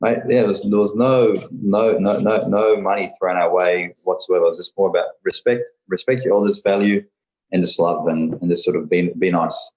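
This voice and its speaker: A man's voice: sits low, steady tone, a little fast, darkish tone, reverberant, low-quality recording. An Australian man talking casually as a podcast guest, rambling with lots of fillers and "mate". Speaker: podcast guest, business owner. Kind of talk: casual interview chat.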